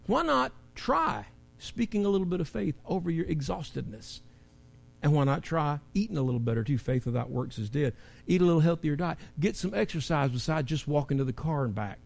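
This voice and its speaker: Male pastor, high voice, animated sermon delivery with strong dynamic swings. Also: creaky. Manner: animated, acts out quotes, rising and falling emphasis. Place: church.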